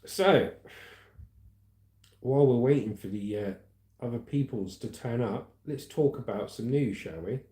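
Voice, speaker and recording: A livestream host in his forties reads viewer comments and news aloud, chatting away and laughing often. His mid-range voice is warm and measured, with long pauses, and the room sounds echoey.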